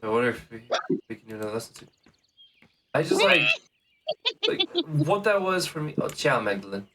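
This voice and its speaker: A man's voice: medium pitch, sing-song, brisk, noisy background. A man streaming a video game, chatting casually and reading characters' lines aloud in his own voice.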